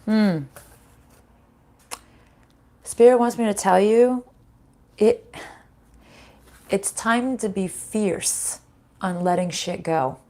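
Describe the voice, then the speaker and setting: A woman's voice: medium pitch, extremely slow, pauses often, darkish tone. A woman from the United States gives a casual spiritual card reading into a desk microphone. She is blunt and swears freely, and she breaks into laughter often. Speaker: tarot reader.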